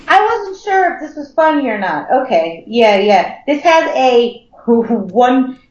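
Woman cohost, higher voice, echoey dull sound, wry teasing chat. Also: very animated, slow pace, darkish tone. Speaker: podcast co-host. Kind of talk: casual podcast chat.

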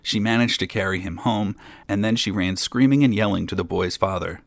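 A man narrating a fairy tale in a measured way, with dry amused asides. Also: lowish voice, vocal fry, no room sound. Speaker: storyteller.

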